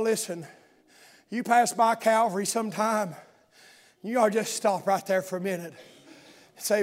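Male preacher, very high voice, impassioned sermon delivery that swings from hushed to shouting. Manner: impassioned, builds from soft talk to fervent shouting cadence.

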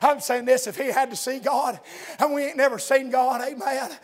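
A man preaching a fiery revival sermon, shouting and drawling, dropping an amen after nearly every line. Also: extremely high pitch, steady tone, moderate pace. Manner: shouting, drawling, dialectal grammar, constant amens.

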